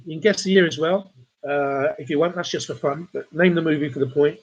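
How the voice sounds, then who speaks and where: A man's voice: on the high side, fairly quick, lo-fi sound. A man hosting a charity pub quiz livestream, chatting and reading out donors' messages between the questions. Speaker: quiz host.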